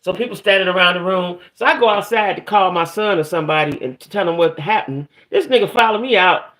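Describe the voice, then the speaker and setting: A woman's voice: fairly low pitch, quick pace, a bit bright. A middle-aged woman runs a casual livestream and rants to her viewers. She sounds fed up and aggravated, swears freely, and stops her story to greet people in the chat by name. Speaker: livestream host.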